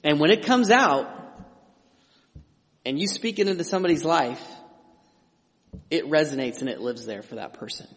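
A man's voice: a little high, expressive, normal speed, pauses often. A middle-aged man preaching a sermon as pastor, conversational and emphatic, with frequent restarts and asides. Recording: long hall reverb.

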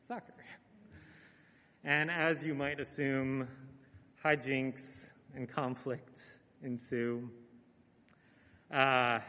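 Man, preacher, conversational sermon, earnest, relaxed, uh fillers, higher-pitched, reverberant hall. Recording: echoey hall with long reverb.

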